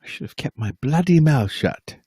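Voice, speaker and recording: A fairly high, mellow, husky male voice speaks animatedly at a moderate pace as this musician runs a casual home stream, rambling, poking fun at himself, and chatting straight to viewers. It's a dry, studio-quality recording.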